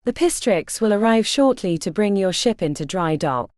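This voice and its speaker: A woman's voice: mid-range voice, lively intonation, normal speed, darkish tone, dry recording, close to an everyday voice. Lady doing a cold by-the-book enemy captain, clipped and formal, dry sound. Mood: officious.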